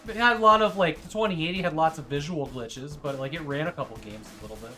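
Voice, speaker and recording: A woman with a notably low voice hosts a relaxed stream. She rambles casually, full of fillers and restarts. Faint music plays quietly behind her. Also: fast. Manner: rambling, filler-heavy, gushes over her dog. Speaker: streamer host.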